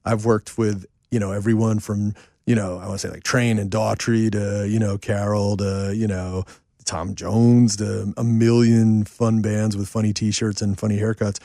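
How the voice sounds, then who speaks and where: A man who writes and produces songs, telling a rambling, lively story as a guest in a casual chat at home, full of fillers and asides. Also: on the low side, normal speed, creaky, no room sound, studio quality. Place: a home, indoors.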